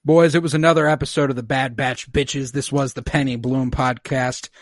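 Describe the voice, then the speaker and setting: A young man hosts a casual podcast, telling the episode's events in an animated, joking way. His pitch sits in a middle range, and the recording is dry and close with no room sound. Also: normal speed, dry recording. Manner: animated storytelling recap with swearing and jokes. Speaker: podcast host. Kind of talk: casual podcast recap chat.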